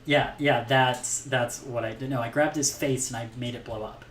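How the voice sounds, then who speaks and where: Game streamer host, woman with a very low voice, upbeat explainer; roomy, distant mic. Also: steady tone, moderate pace, slight background noise. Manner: upbeat, explains mechanics, eggs on chat. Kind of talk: live game-stream commentary.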